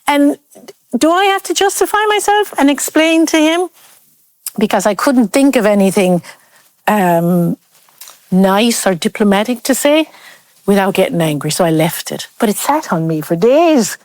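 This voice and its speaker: A woman's voice: medium pitch, normal speed, dry recording. A woman from Ireland in her fifties, speaking earnestly in a group conversation and voicing other people's remarks with feeling. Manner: earnest, animated when quoting others. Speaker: panel guest.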